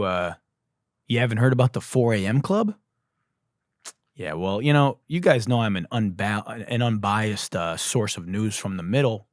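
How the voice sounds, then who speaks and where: A man hosting a satirical news show, ranting loudly and swearing, his voice going hoarse from yelling. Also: dry recording, studio quality. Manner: swings from loud yelling to low mutters, swears. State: losing his voice. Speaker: comedy news host.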